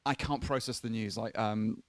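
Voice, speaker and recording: A man's voice: lowish voice, steady tone, moderate pace, dry recording, clean studio sound. A man co-hosting a podcast in casual chat, rambling and swearing freely. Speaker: podcast co-host.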